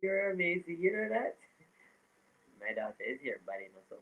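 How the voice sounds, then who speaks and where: A woman hosts a casual live stream, reading out viewer comments and calling greetings to people by name. Her voice sits fairly low, yet it leaps around with lots of melody. She laughs often and gets animated as she chats. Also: normal speed, a little hiss or hum, low-quality recording. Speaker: livestream host.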